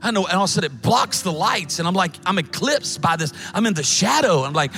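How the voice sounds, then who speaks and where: A middle-aged man, preaching a sermon as a pastor in folksy, animated storytelling with quick asides. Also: high voice, gravelly.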